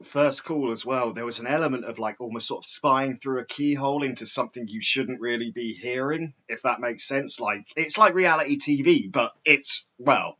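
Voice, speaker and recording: A man who is a guest on a podcast in casual chat, laughing often and telling stories with animated quoting. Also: mid-range voice, normal speed, hardly any pauses. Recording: dull lo-fi sound.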